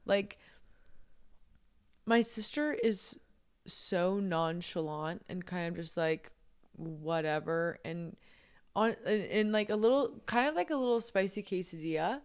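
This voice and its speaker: A woman's voice: lowish voice, expressive, a little slow, clean tone. A young woman co-hosting a podcast, telling a funny story in casual chat, laughing often and swearing freely. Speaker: podcast co-host.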